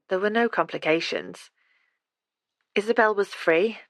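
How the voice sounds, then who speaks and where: Low-voiced woman reading an audiobook. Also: no room sound. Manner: steady, measured reading. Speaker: audiobook narrator. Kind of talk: scripted audiobook narration.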